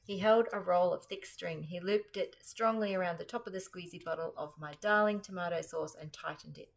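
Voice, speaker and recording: An Australian woman reading a children's chapter book aloud, full of expressive storytelling. Her voice sits a little low for a woman. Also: fairly quick, creaky, hardly any pauses.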